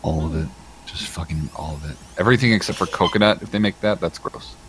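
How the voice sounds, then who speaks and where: A man's voice: fast, noisy background. A man hosting a casual gaming livestream, chatting and reading chat, swearing freely and laughing while he plays. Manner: animated, swearing, laughing, does squeaky impressions while retelling videos. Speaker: livestream host.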